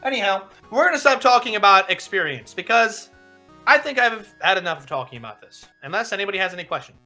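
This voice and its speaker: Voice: mid-range voice, lively intonation, fast, pushed and bright, soft background music. A streamer voicing a strict male combat teacher who lectures with rhetorical questions and dry humor in a tabletop role-play. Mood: lecturing. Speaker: game master.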